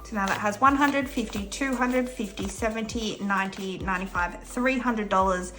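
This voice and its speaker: A woman's voice: mid-range voice, normal speed, sharp tone, faint music behind. A young Australian woman with an Australian accent, chatting upbeat in a casual vlog while counting cash aloud. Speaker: budgeting vlogger.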